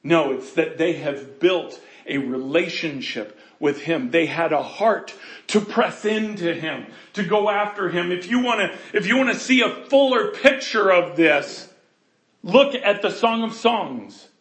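A man preaching a sermon, earnest, swinging between loud passages and hushed ones. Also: sits high, lively intonation, measured pace, echoey room. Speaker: pastor.

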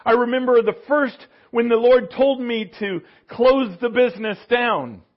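A man's voice: very high-pitched, measured pace, dull audio. A man preaching a conversational sermon, leaning on asides and rhetorical questions to his listeners. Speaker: pastor.

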